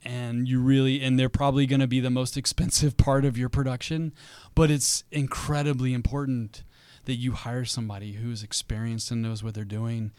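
A man talking casually as a filmmaker on a live panel, animated and quoting people as he tells stories. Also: medium pitch, moderate pace, clean tone, no echo. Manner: animated storyteller, quoting people in little voices. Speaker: podcast guest, filmmaker. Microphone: studio mic.

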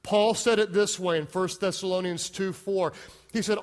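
Man preaching, very high voice, emphatic, repeats lines, long hall reverb. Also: fairly even intonation, normal speed. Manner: emphatic, repetitive preaching with call-and-response. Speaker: pastor. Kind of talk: sermon.

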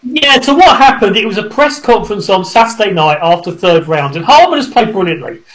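High-voiced English golf pundit. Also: male voice, lively intonation, a little fast, a bit bright, poor audio. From England. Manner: articulate, dry humour, fluent storytelling. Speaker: golf journalist guest. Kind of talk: phone-in interview.

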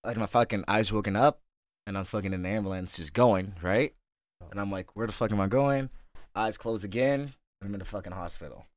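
A man's voice: lowish voice, a little fast, no room sound, clean studio sound. A man from St. Louis, a fighter guest on a podcast, telling his life story casually, swearing constantly and asking "right?" after every few phrases. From St. Louis, USA. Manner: profane, laid-back, keeps checking in with "right?".

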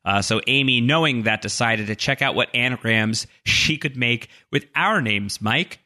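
A man's voice: mid-range voice, moderate pace, sharp tone. A man co-hosting a podcast, reading listener mail aloud with jokey, self-deprecating asides. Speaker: podcast co-host.

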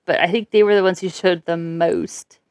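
A woman's voice: lowish voice, fairly even intonation, moderate pace, darkish tone, clean tone, no echo. Brash woman, profane casual banter, dry close sound.

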